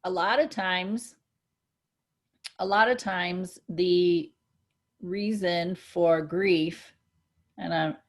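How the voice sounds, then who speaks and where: A woman co-hosting a casual spiritual chat, earnest and reflective, growing excited when she gives examples. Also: fairly low pitch, very slow, long pauses. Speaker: co-host.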